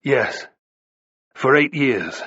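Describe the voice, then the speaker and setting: A man's voice: mid-range voice, expressive, extremely slow, a bit bright, husky, dry recording, highs cut off, heavily acted. A man voicing a proud, defiant enslaved gladiator in an audiobook reading, with short, terse, raised lines.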